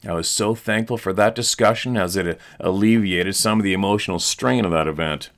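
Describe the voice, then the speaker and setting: A male host reading a listener's eyewitness letter aloud in an earnest, steady storytelling manner. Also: deep voice, fairly quick.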